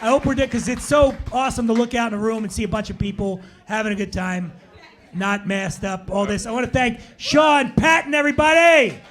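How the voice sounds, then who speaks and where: A man's voice: extremely high pitch, steady tone, brisk, a bit bright. A man hosting a live comedy podcast, joking and then thanking his guests. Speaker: podcast host.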